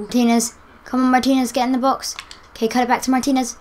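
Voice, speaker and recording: A woman with a fairly high voice talks through a football video game match as she plays it. She is excitable, cheering on her players and groaning at their misses, in casual live commentary. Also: fast. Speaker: gaming YouTuber.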